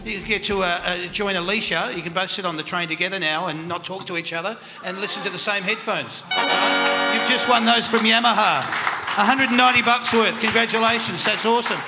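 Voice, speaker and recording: A man's voice: sits high, a little fast, vocal fry, music in the background. An Australian man hosting a live quiz segment on a panel show, upbeat and chatty, laughing often. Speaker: quiz host. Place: country club function room. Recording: reverberant hall with crowd noise.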